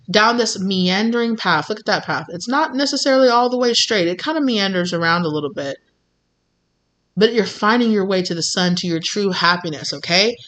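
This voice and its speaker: A woman's voice: fairly low pitch, fairly bright tone. A woman giving a casual tarot reading in an encouraging, informal way, often repeating herself. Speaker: tarot reader.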